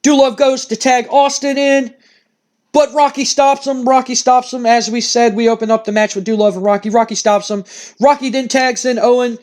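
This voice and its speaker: A man calling the action of a wrestling simulation game as play-by-play, excitable, repeating phrases and swearing when surprised. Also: very high-pitched, moderate pace. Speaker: gaming channel host.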